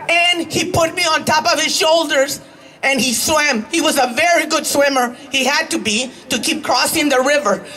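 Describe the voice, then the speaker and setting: A woman's voice: sits high, normal speed, bright, forceful tone, poor audio. A woman telling a personal story at a public rally, earnest and building to a rousing call to keep going. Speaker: rally speaker.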